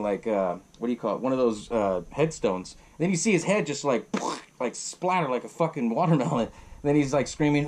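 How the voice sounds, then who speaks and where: A man's voice: mid-range voice, a little mellow. A young man hosting a podcast, retelling a horror film in a rambling, profane way and acting out the characters' lines. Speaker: podcast host. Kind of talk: casual movie recap.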